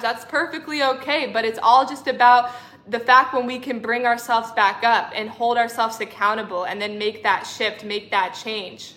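Bright-voiced effusive spiritual coach woman. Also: on the high side, steady tone, normal speed. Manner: effusive, affectionate, calls viewers honey and sister. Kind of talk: livestream talk reading chat comments.

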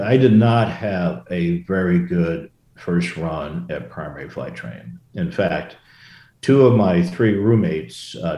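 A man's voice: low-pitched, warm tone. An older man, a former Marine aviator, telling stories in a casual interview, rambling with many restarts and asides. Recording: roomy echo.

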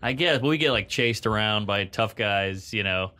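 Bright-voiced middle-aged comedian man. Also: fairly low pitch. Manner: joking, storytelling with quick put-on voices. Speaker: comedian guest. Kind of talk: casual podcast chat.

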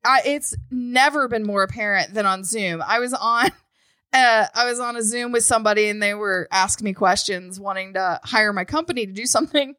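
A woman in her forties co-hosting a podcast over a video call, chatting casually and reacting with animated exclamations and laughter. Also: mid-range voice, moderate pace, no room sound. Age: 40s. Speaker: podcast co-host. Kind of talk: casual chat. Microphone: remote call.

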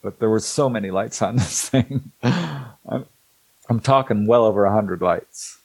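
Middle-aged man telling an animated story. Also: lowish voice, unhurried, vocal fry, husky, no room sound, low-quality recording. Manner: animated storyteller who acts out dialogue; hesitant restarts and fillers. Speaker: interview guest. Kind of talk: casual anecdote telling.

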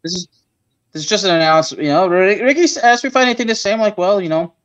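A man joking around on a football podcast, stumbling and restarting his sentences as he talks. His voice is fairly high. The audio is muffled and lo-fi. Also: very fast, fairly bright tone. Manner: stammering, joking banter. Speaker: podcast co-host. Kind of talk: casual sports chat. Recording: dull lo-fi audio.

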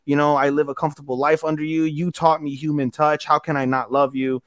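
A young man co-hosting a podcast speaks in a fairly high, level voice while recapping an anime episode casually, rambling and profanely. He briefly acts out the characters' lines in quick voices. The recording is studio quality with no room sound.

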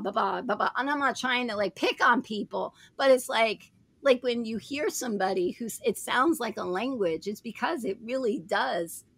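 A woman's voice: on the high side, sharp tone, dry recording. A woman hosting a Christian talk show, speaking in an emphatic, preacherly way and repeating her phrases. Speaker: show host.

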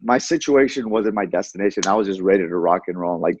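Fast-talking man telling his story, lo-fi. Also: low voice, a little hiss or hum. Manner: animated, fast, repeats words. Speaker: guest. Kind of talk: casual storytelling. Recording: dull lo-fi audio.

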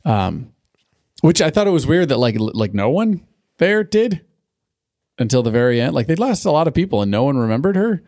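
A man co-hosting a podcast in casual chat, rambling and swearing as he recaps a cartoon episode and acts out lines in quick bits. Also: medium pitch, very animated, a little mellow, no echo, studio quality. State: has the hiccups. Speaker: podcast co-host.

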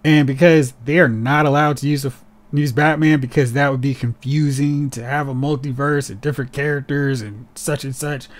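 A man co-hosting a casual podcast, talking in an animated, sarcastic way and slipping into mocking voices. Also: medium pitch, moderate pace. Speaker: podcast co-host. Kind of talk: casual chat.

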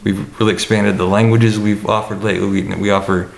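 A man's voice: lowish voice, level tone, a little fast, gravelly, reverberant. A man who works as a college administrator, answering questions on a panel in a hesitant way, with many fillers and restarts.

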